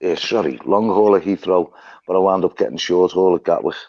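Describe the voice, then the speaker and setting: A man's voice: low-pitched, a little fast, warm tone, no room sound, muffled recording. A man with a Liverpool accent hosting a live stream, rambling through stories and laughing often. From Liverpool, England. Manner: chatty, rambling storyteller who laughs often. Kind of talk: casual chat. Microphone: phone.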